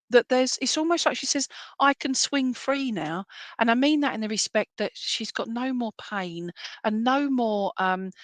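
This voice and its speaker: A woman's voice: medium pitch, a bit bright, dry recording. Woman, medium reading, rambling reassuring chat, dry close sound. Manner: chatty and rambling, with self-deprecating asides; reassuring, often checks in with "all right?". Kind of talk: clairvoyant reading at an online church service.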